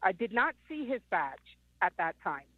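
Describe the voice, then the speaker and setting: Calling in over a tinny phone connection, a woman in her fifties tells her story with plenty of ums and lots of rambling. Her medium-pitched voice is sing-song and a bit breathy at normal speed, with no room sound.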